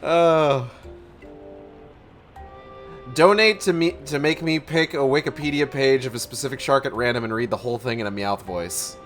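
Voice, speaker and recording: A woman's voice: very deep voice, moderate pace, long pauses, soft background music. A woman streamer chatting casually and playfully during a game stream. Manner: joking, playful.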